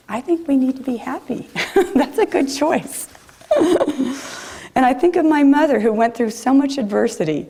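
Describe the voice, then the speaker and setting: A woman preacher giving a gentle, reflective sermon in a chapel. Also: high voice, a little slow, breathy edge.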